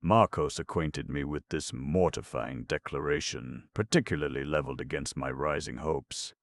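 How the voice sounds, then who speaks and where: A man narrates a classic novel in measured, expressive storytelling. His voice sits extremely low with a gravelly edge. The recording is close and dry. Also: no echo. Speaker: audiobook narrator.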